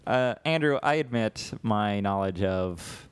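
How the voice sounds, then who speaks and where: A man's voice: fairly low pitch, takes it slowly, smooth, no room sound. A man co-hosting a casual comedy podcast, riffing playfully and animatedly. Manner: playful, animated, riffs with jokes. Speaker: podcast co-host.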